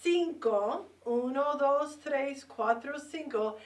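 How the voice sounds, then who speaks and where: A woman in her fifties, a bilingual teacher leading a lesson for young children, drawing out words slowly and prompting them to repeat after her. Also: high voice. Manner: slow, drawn-out words with call-and-response prompts. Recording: roomy echo, mic set far off.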